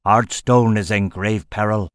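A man voicing a hulking male shaman mage lord, cold and wrathful, with a low rumbling voice and a formal, growling delivery. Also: steady tone, a little slow, no room sound, clean studio sound, close to an everyday voice. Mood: menacing.

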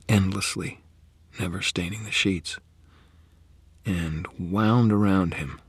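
Very deep husky male narrator. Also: slow, pauses often, dry recording. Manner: grave, often dropping to a hushed whisper. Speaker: audiobook narrator. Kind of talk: first-person fiction narration.

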